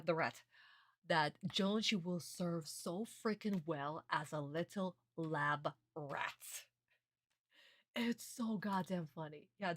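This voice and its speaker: A young woman with a fairly low voice, talking casually and excitedly as a streamer. She laughs often and swears freely, recorded dry and close. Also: no room sound. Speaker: streamer reacting to an anime. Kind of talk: casual reaction commentary.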